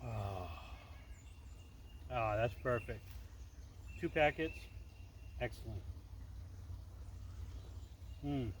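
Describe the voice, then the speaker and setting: Beside a forest waterfall, a man vlogs to the camera, talking casually and enthusiastically to viewers he calls folks, with running water in the background. His mid-range voice has lively intonation, but he speaks extremely slowly with long pauses. There's slight background noise and the audio is poor.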